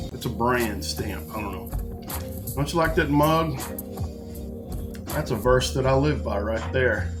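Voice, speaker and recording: Folksy Texan man rambling casually. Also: mid-range voice. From Texas, USA. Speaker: podcast host. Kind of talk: casual chat. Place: lives in Texas farmland.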